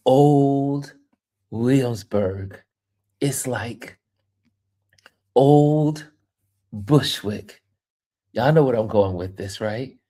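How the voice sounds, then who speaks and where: A travel vlogger tells a story in an unhurried, drawn-out way. He is lively and playful, laughing often and repeating words for emphasis. His voice sits at an ordinary middle pitch. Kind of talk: casual storytelling monologue.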